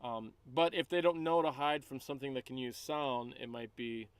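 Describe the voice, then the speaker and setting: A man's voice: mid-range voice, normal speed, clear, resonant tone, dry recording. A man playing a tabletop game who thinks aloud as he explains the rules. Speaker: player.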